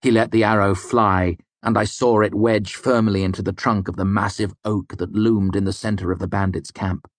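A man narrating a first-person fantasy story in a measured, grave storytelling manner. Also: lowish voice, flat delivery, no room sound. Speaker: audiobook narrator.

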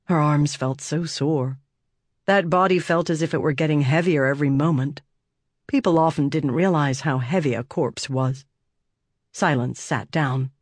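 A man narrating a fantasy audiobook in a steady, measured storytelling voice. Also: on the high side, no echo.

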